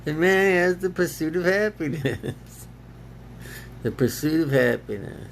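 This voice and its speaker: A man's voice: on the high side, animated, a little slow, slight background noise. A man rambling to himself with frequent laughs, arguing back and forth as if two people were talking. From United States. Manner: laughs often, argues with himself in two voices. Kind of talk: rambling self-talk monologue.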